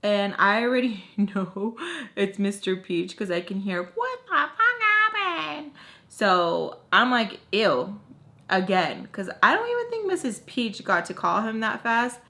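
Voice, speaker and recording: A young woman recounts a dramatic episode in casual vlog storytime. Her voice is bright and forward. She talks in a loose, animated way, scattering "like" through each sentence. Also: medium pitch. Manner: animated, heavy use of "like", acts out quotes. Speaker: vlogger telling a story.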